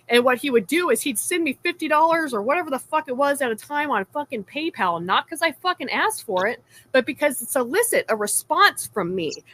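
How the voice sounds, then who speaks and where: A woman's voice: high voice, fairly bright tone. A woman ranting angrily and cursing constantly in a heated online argument. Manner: profane, angry, ranting. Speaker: livestream participant.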